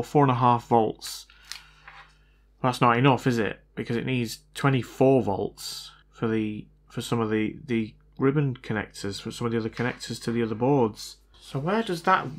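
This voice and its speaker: A man talking through a repair as he works, thinking aloud and often unsure of himself. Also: mid-range voice. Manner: hesitant, unsure, self-doubting. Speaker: hobbyist repair vlogger. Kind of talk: casual thinking-aloud commentary.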